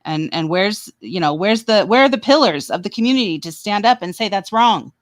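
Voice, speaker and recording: A woman's voice: medium pitch, expressive, fairly quick, no echo. A woman co-hosting a casual livestream chat, blunt and heated, swearing freely. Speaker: livestream co-host.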